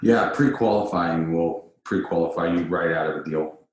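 A man hosting a casual business podcast, telling stories in an animated, emphatic way. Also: deep voice, moderate pace. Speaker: podcast host. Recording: very echoey room.

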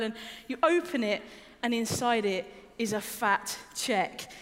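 A woman's voice: a little high, normal speed, hardly any pauses. Chatty woman preaching in a reverberant hall. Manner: chatty, self-deprecating humor. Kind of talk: sermon. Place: church hall.

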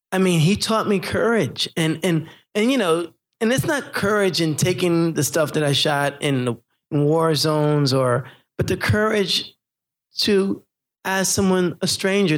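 A middle-aged man, a photographer, telling stories in an interview and acting out the people he quotes, laughing often. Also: a little high. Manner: animated, acts out quoted voices, laughs often. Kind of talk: interview storytelling.

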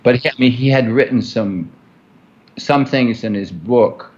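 With a medium-pitched, darkish voice and an unhurried pace, a man being interviewed tells a long story in conversation. He rambles, restarts, and leans on fillers, and the sound is lo-fi.

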